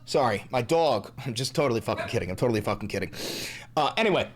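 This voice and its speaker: Man, political commentary host, profane, sarcastic, lively swooping delivery, mid-pitched. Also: fast talker, a little hiss or hum. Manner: swings between low asides and raised shouting.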